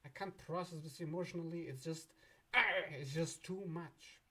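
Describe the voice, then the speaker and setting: A man with a somewhat high, husky voice hosts an astrology video. He talks casually and playfully, laughing now and then and dramatizing imagined conversations. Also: moderate pace, bright, forceful tone.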